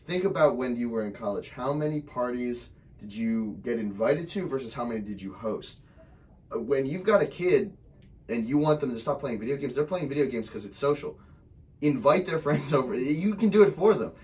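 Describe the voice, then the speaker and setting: A man's voice: medium pitch, moderate pace, distant mic. A young man in college, a guest on a podcast, talking casually with lots of filler words. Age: young adult. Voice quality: relaxed, frequent "like" fillers.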